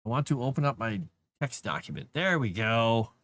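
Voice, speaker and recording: A man talks casually through a writing livestream, thinking aloud with plenty of fillers and restarts. His voice sits at a middle pitch, and the sound is dry and close, with no room echo. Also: lively intonation, normal speed, a bit bright.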